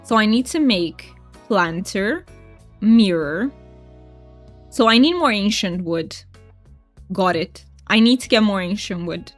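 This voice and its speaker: With soft music in the background, a woman streams a cozy game and chats casually with her viewers, reading their messages aloud. Her mid-range voice is expressive and slow, with frequent pauses, and she comes across as chatty and giggly.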